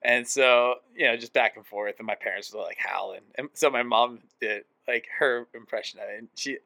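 A man co-hosting a casual podcast, reminiscing in a lively way and laughing as he talks. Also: mid-range voice, normal speed, gravelly, no room sound. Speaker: podcast co-host. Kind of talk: casual chat.

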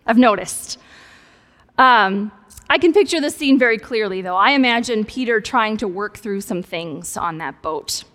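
A woman's voice: mid-range voice, a bit bright. A woman pastor preaching a sermon in a conversational, playful way with humorous asides. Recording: long hall reverb.

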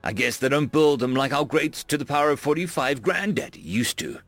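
A man voicing a deranged, mocking ancient ship AI that blurts odd catchphrases in a shrill singsong. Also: expressive, a little fast, a bit bright, dry recording. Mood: manic.

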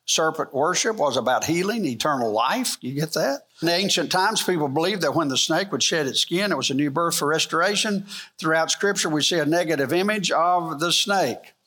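A man's voice: on the high side, animated, fairly quick, pushed and bright. A man teaching a church Bible lesson, asking the room rhetorical questions and circling back with fillers and restarts. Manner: rhetorical questions, rising emphasis; rambling, frequent fillers and restarts.

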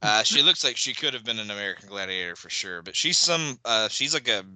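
A man hosting a casual watch-along podcast, relaxed, with laughing asides and trailing remarks. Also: fairly low pitch, brisk, no echo, rough recording. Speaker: podcast host.

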